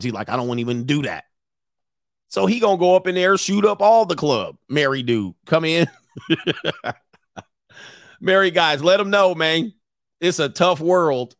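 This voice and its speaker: A man hosting a live stream as a dating coach, ranting comically and acting out both sides of a story in quick voices, laughing often. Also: on the high side, fairly bright tone, no echo, studio quality. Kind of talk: casual comedic rant.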